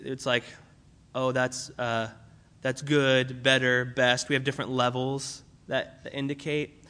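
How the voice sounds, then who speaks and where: A man's voice: mid-range voice, bright, forceful tone. A young man preaching a sermon in a conversational way, with fillers and restarts as he explains a Bible passage. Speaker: pastor.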